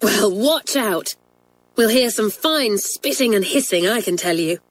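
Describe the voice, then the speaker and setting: A woman's voice: mid-range voice, lively intonation, a little slow, voice pushed up. A woman voicing a mischievous schoolgirl prankster in a storybook reading, urgent and conspiratorial. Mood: gleeful.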